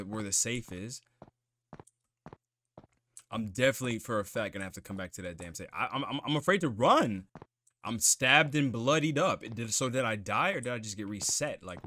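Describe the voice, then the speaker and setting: Lively, cursing man gaming. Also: fairly low pitch, a little hiss or hum. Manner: profane, jumpy self-talk while playing. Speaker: gamer playing a horror game. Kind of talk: let's play commentary.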